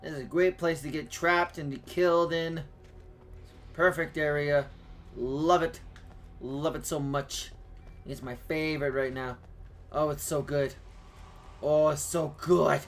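A young man giving casual, excitable gameplay commentary, talking to himself and yelping and shouting at enemies. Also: on the high side, measured pace, pauses often. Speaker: gaming YouTuber.

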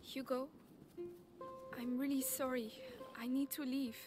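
A determined teenage girl in a story game, earnest and protective, her high voice urgent and often dropping to a hush. Faint music runs beneath the game audio. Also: flat delivery, measured pace. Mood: resolute.

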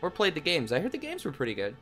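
A young man hosting a game play video, talking to viewers in a goofy way and breaking into loud yelps and yells. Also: a little high, huge pitch swings, racing. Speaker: gaming channel host. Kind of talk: let's play commentary. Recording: game music playing softly behind.

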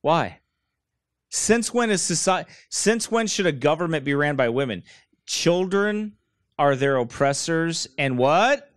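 A man preaching from a chair, blunt and mocking as he wanders into side stories. His voice sits a bit high for a man. The sound is dry and close, with little room echo. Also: lively intonation, measured pace, clean tone. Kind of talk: sermon. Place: church room, speaker seated.

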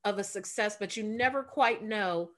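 A woman's voice: medium pitch, moderate pace, fairly bright tone. Chatty American woman hosting an interview. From United States. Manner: casual, chatty and effusive with praise. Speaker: interview host. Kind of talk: interview conversation.

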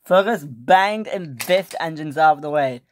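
A woman's voice: deep voice, lively intonation, unhurried, slight background noise. A woman narrating a homemade toy-train story in a plain, casual way, with the odd restart.

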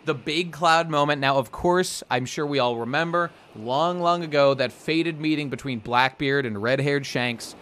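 A man's voice: fairly high pitch, moderate pace, hardly any pauses, a bit bright. A man co-hosting a podcast in casual chat, rambling and swearing as he recaps and acts out bits of the story. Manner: rambling, profane, acts out characters' lines. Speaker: podcast co-host.

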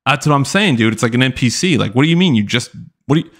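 A man's voice: mid-range voice, fast. A young man hosting a live-streamed podcast, telling rambling stories full of fillers. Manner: rambling, animated storytelling with many fillers. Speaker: podcast host. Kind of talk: casual live-stream chat.

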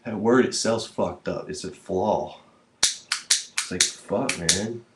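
A man's voice: deep voice, slow, very noisy. A man vlogging in a rambling, profane, slangy way. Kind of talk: rambling casual monologue to camera.

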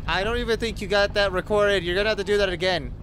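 A young man chatting and laughing with friends while playing an online game, teasing them in quick banter. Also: high-pitched, fairly even intonation, a bit bright. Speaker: gamer. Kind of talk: casual multiplayer game chat. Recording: noisy voice chat line.

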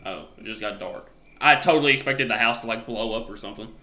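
A man's voice: lowish voice, fast talker, bright, forceful tone, a little hiss or hum. A young man streaming a game, chatting casually with slang and jokes at a desk mic. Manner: chatty, joking slang asides. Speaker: gaming streamer. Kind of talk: casual live-stream commentary. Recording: echoey room.

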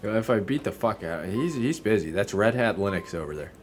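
A man's voice: fairly low pitch, expressive, a little fast, soft background music. A young man giving casual, profane, joking commentary while he plays a video game. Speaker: gameplay streamer.

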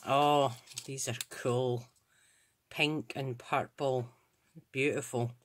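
This Scottish crafts-channel host has a bass voice with fairly even intonation, and she takes her time. Opening and inspecting craft supplies, she chats casually, thinks aloud, and gushes with admiration.

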